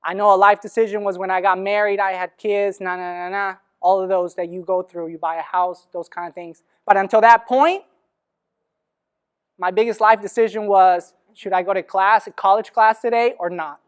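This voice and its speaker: Lively man in his thirties telling a story. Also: sits high, moderate pace, clean tone. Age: 30s. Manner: animated, laughing storyteller who acts out dialogue. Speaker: speaker on after-school programs. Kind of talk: storytelling talk.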